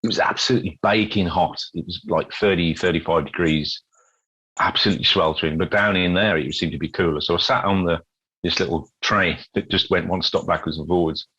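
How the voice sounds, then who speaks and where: A deep, brisk male voice with a breathy edge comes through with the high frequencies cut off. He's a middle-aged British busker appearing as a guest in a casual interview, an animated storyteller who repeats words as he goes and acts out quotes.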